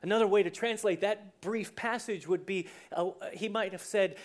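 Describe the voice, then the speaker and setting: Preacher telling a story in a sermon: lively, chatty, acts out the scenes. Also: medium pitch, normal speed. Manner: conversational, with restarts and asides.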